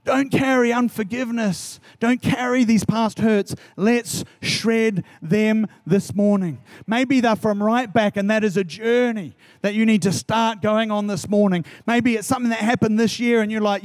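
A man's voice: sits high, a little slow, no room sound. A man preaching a sermon as a pastor, urging his listeners earnestly and repeating key phrases, then leading a prayer.

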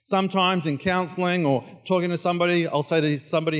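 A man preaching a sermon as pastor, moving from quiet prayer to loud, emphatic repetition. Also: a little high, fairly even intonation, fast, few pauses, smooth, long reverb tail.

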